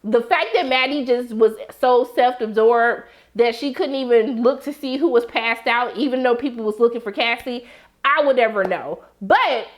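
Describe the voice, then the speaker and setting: A woman with a high voice talks through a TV episode in casual chat. She is animated and slangy, and she acts out bits of the scenes as she goes. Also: normal speed. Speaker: TV show reviewer.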